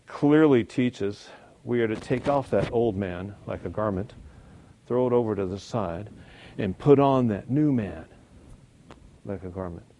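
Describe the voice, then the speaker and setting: A man's voice: mid-range voice, warm tone, highs cut off. Folksy man teaching a church Bible lesson. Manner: conversational, folksy, chuckles at own points. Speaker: Sunday school teacher.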